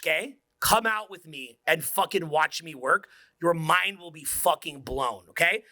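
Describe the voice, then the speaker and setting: High-pitched forceful seminar coach in his forties, profane, swings whisper to shout. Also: no room sound, studio quality. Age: 40s. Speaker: dating coach. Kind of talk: motivational seminar talk.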